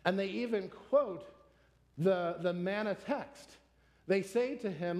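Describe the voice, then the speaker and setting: A man with a high voice delivers a sermon in an emphatic, conversational teaching style and often asks his listeners rhetorical questions. His voice rings out with a long reverb, as if in a large hall. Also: slow pace, darkish tone. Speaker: preacher.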